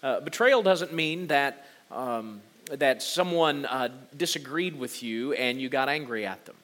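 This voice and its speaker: A man in his forties, a pastor, preaching a sermon and telling a personal story in an earnest way, with halting restarts. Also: medium pitch, a bit bright.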